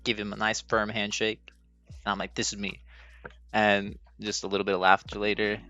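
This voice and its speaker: Young man, podcast host, gravelly low voice, bright tone, dull lo-fi sound, faint music behind. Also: completely flat delivery, normal speed. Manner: rambling, self-mocking, laughs often. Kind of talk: casual personal storytelling.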